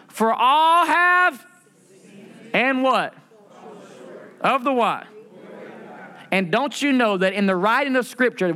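A male pastor preaching a sermon, calling out questions to the congregation and repeating phrases, slowing down and rising in pitch to stress scripture. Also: a bit bright. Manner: preaching with call-and-response questions and repetition; slows and rises in pitch for emphasis when reading scripture.

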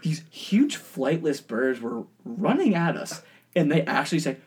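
A man's voice: a little high, big pitch swings, a little slow, husky. A man in casual conversation, joking and rambling with frequent laughter. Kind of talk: casual podcast chat.

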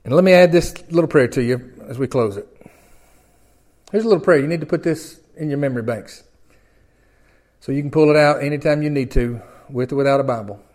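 A man preaching a sermon in a folksy way, swinging from loud emphatic peaks down to quiet low lines. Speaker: pastor.

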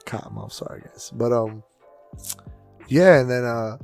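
A man co-hosting a podcast, telling loud, profane stories in a casual way and acting out other people's voices with big swings in pitch and volume. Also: measured pace, soft background music. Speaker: podcast co-host and DJ.

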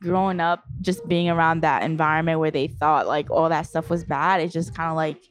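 Frank woman on a casual couch chat, slightly low voice. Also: little pitch movement, a little fast, a little hiss or hum. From Haitian family.

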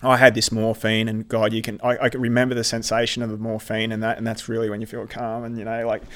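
A middle-aged man, a military veteran telling his story in an earnest, halting way with many restarts. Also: on the low side, monotone, a bit bright. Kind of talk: personal storytelling in conversation.

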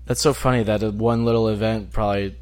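A man co-hosting a casual podcast, mostly agreeing and adding quick points. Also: lowish voice, fairly even intonation, crowd noise. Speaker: podcast co-host. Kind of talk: casual wrestling chat.

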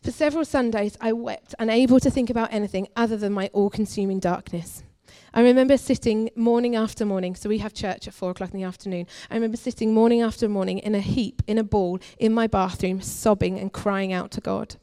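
A woman's voice: medium pitch, steady tone, fairly quick, hardly any pauses. Earnest woman preaching a testimony. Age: young adult. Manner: earnest, confessional, swings between forceful and hushed. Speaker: guest preacher. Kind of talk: personal testimony sermon. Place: church.

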